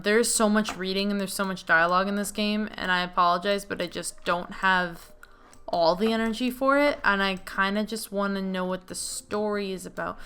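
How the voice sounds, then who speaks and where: A young woman giving casual let's play commentary, chatty and excitable, reading game lines aloud. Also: medium pitch, clean tone. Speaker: gaming video host.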